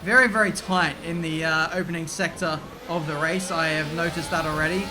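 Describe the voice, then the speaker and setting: Excitable man commentating a race game. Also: a little high, a little fast, background noise. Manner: chatty, excitable, swears mildly. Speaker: gaming video creator. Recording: game music behind voice.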